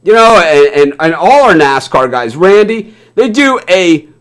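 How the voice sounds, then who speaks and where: A man's voice: on the high side, sing-song, unhurried, fairly bright tone, clean tone. A man from the American South hosting a sports news stream, ranting live in a heated, blunt way, swearing often and ending lines with "man". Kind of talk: live impassioned rant.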